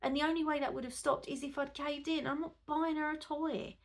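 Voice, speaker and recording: Mum rambling to camera, bit high, raspy fry in there, gets worked up. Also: female voice, fairly even intonation, fairly quick. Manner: chatty, rambling, grows indignant. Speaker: mother vlogger. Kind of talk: casual chat to camera.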